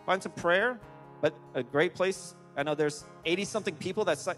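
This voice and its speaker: Animated preaching man in a hall. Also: high-pitched, moderate pace, faint music behind. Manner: animated, emphatic preaching with restarts. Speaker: pastor. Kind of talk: sermon. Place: large church hall. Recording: long hall reverb.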